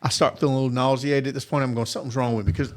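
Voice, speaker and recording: A man's voice: mid-range voice, fairly even intonation, rapid-fire. A man telling work stories in a casual chat, acting out quoted voices and laughing often. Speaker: appliance technician telling stories.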